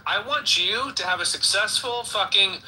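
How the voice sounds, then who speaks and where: A man's voice: high-pitched, normal speed, pushed and bright, low-quality recording. A man in casual chat on an audio chat room, swearing a lot and stammering through repeated words, emotional and tearful. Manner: profane, stammering repetitions, emotional.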